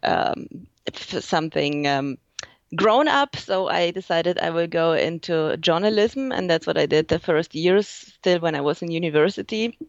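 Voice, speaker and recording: German-accented woman, forties, low gravelly voice, halting interview guest, dry muffled remote audio. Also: no echo. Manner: hesitant, many fillers and restarts. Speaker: guest author. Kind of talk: casual interview.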